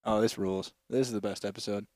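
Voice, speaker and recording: A young man co-hosting a crude comedy podcast, tossing in quick jokes and laughing along. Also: fairly low pitch, fairly even intonation, darkish tone, dry recording. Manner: joking, quick interjections, laughing. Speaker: podcast co-host. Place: indoor podcast setup. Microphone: podcast microphone.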